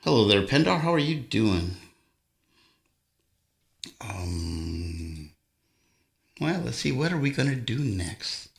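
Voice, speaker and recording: A man's voice: lowish voice, big pitch swings, slow pace, creaky, pauses often. An older man hosting a casual livestream, chatting between songs and telling rambling, folksy anecdotes. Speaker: livestream host and guitarist. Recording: echoey room with acoustic guitar.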